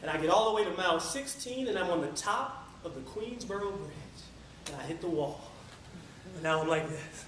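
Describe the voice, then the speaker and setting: A man telling a marathon story as a lively motivational speech at a club meeting. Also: sits high, a little fast. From Tampa area. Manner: energetic storytelling, sings a few lines. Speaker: public speaker. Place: meeting room. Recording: echoey room from far off, faint noise.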